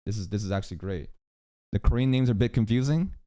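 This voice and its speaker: A man's voice: on the low side, fast, dark tone. A man hosting a casual reaction livestream, swearing freely as he jokes and chats with his viewers.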